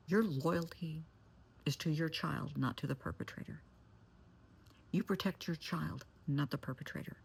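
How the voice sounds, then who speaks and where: Recounting a client story, a woman therapist speaks in a low, creaky, slightly rough voice. Her advice is blunt and candid, at times turning into forceful warnings.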